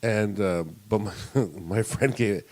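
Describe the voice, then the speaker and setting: A man's voice: lowish voice, takes it slowly. A man co-hosting a podcast, telling a long story in casual chat and laughing as he goes. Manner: animated, laughs while telling stories. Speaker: podcast co-host.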